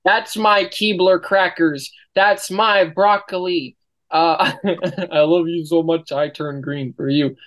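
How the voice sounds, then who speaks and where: A man's voice: on the high side, steady tone, slow pace, fairly bright tone. Playful rambling man hosting a podcast. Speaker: podcast host. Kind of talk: casual chat.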